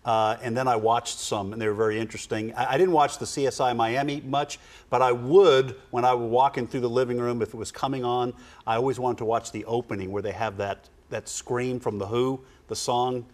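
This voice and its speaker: A man's voice: mid-range voice, steady tone, brisk, darkish tone. A man co-hosting a casual chat about news headlines, joking with dry asides. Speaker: co-host.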